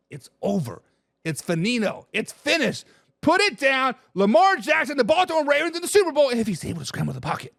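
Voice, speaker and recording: Animated high-pitched man hosting a live chat. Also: no room sound, studio quality. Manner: animated, excitable, repeats lines; swears casually, addresses chat as guys. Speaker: livestream sports talk host. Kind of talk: casual livestream chat reading viewer comments.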